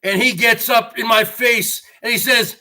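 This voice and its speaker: A man's voice: extremely high pitch, fairly even intonation, unhurried, pushed and bright, faint music behind. A man in his forties hosting his own vlog, rambling straight to his viewers and calling them folks. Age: 40s. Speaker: show host.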